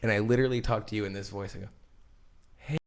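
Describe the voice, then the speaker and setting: Profane, animated male co-host. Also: on the low side, very fast, gravelly, slight background noise. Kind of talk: casual chat. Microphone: studio mic.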